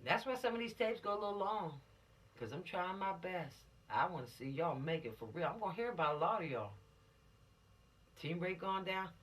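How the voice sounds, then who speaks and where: A woman's voice: on the low side, big pitch swings, moderate pace, fairly bright tone, recorded from a distance. A woman, a police officer giving teens an informal law lesson in a folksy, admonishing, preachy way.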